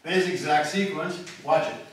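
A man's voice: fairly high pitch, normal speed. A male mathematics professor giving a university lecture, thinking aloud and often checking in with the class. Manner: thinking aloud, frequent restarts and checks with "okay?". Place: large echoey lecture room. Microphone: distant room mic. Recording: very echoey hall, voice from far off, faint noise.

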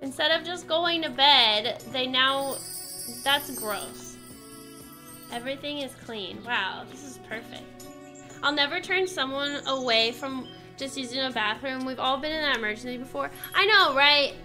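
Woman streaming a game, high voice, unhurried chatter, music playing behind. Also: bright, forceful tone. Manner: chatty, laughs often, exclaims at the game. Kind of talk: casual gameplay commentary.

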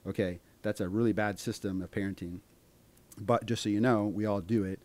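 A man's voice: on the low side, fairly even intonation, brisk, a little mellow. A middle-aged man hosting a podcast, earnestly explaining a parenting idea in plain, casual talk.

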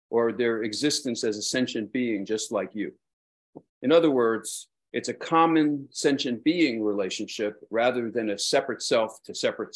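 A Buddhist teacher with a Brooklyn accent and medium-pitched voice gives a dharma talk. He rambles, pokes fun at himself, and hesitates frequently.

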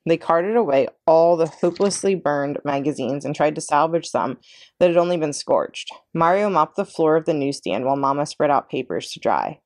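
A librarian woman reading a children's chapter book aloud with expressive narration. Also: deep voice, normal speed, no room sound, clean studio sound. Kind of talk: read-aloud storybook narration.

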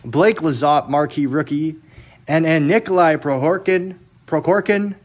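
A man's voice: on the high side, fairly even intonation, a little slow. Chatty man hosting a card break. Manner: chatty, joking, teasing viewers, rattling off card names. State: jittery from too much caffeine. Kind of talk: casual live-stream chat.

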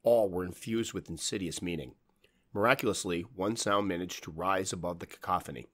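A man narrating a horror story in a measured, dramatic storytelling manner. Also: low voice, a bit bright, breathy edge.

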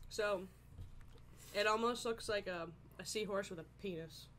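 A woman's voice: mid-range voice, unhurried, slight background noise. A woman joking crudely and teasingly as a podcast guest. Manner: crude, teasing, deadpan jokes. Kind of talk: casual podcast banter.

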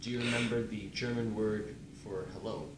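Low-voiced young man teaching, far from mic. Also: level tone. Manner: halting, lots of ums, quick bursts. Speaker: student presenter. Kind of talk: casual instruction. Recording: echoey room, distant mic, noise.

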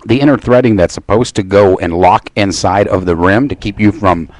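Low-voiced teasing co-host man. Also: moderate pace, no echo. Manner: teasing and nitpicky. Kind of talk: casual chat.

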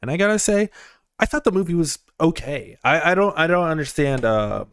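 A man's voice: fairly high pitch, animated, a little fast, a bit bright, smooth, dry recording. A young man giving a casual review from inside his parked car, rambling, chuckling and repeating words as he goes. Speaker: movie reviewer.

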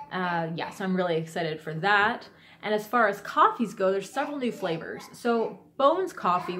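A woman's voice: fairly low pitch, a bit bright, a little hiss or hum. A woman vlogging in a casual, rambling way, enthusiastic and full of fillers and restarts. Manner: rambling and enthusiastic, many fillers and self-corrections. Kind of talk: casual chat vlog.

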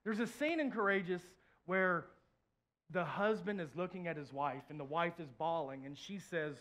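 A pastor preaching a heartfelt sermon in church, sharing a personal story, repeating phrases and swinging from soft to loud. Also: male voice, fairly high pitch, moderate pace. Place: church, before a congregation.

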